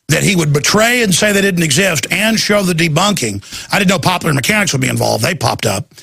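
A man hosting a radio show, ranting urgently and emphatically in a gravelly voice. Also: fairly high pitch, bright, forceful tone, no echo. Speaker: radio host. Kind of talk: impassioned talk radio monologue.

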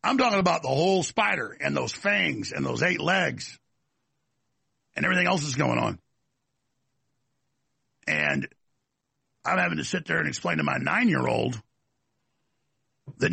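Gravelly, ranting man host. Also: fairly high pitch, sing-song, measured pace, long pauses, sharp tone, dry recording. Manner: heated, ranting, acts out quoted voices. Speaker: talk show host. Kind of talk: opinionated commentary monologue.

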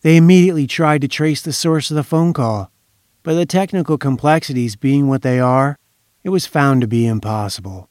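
A man reading aloud plays a grave, weary older gentleman who speaks quietly and mutters as he tells a sad story. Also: mid-range voice, moderate pace, no room sound, clean studio sound, natural voice. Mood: somber.

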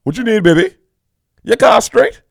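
Man voicing a smooth, assured fixer guy, gravelly, easygoing. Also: high-pitched, huge pitch swings, normal speed, no room sound, clean studio sound, pitched above the performer's own voice, full character voice. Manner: easygoing, assured, repeats himself. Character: smooth confident man who fixes everything.

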